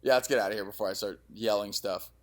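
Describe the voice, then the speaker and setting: A young man co-hosting a casual sports podcast, excitable and quick to quote old movie lines. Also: on the low side. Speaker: podcast co-host.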